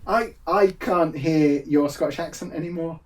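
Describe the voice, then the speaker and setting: A man's voice: fairly high pitch, normal speed, recorded from a distance. A man from England, a games designer, chatting casually on a podcast, laughing often and restarting his sentences. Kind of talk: casual conversation. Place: home room, seen on camera.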